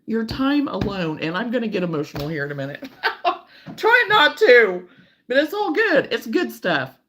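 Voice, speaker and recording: A woman hosting a casual crochet livestream, chatting warmly and reading out viewer comments, sometimes close to tears. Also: low-pitched. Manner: warm, emotional, reads viewer comments aloud.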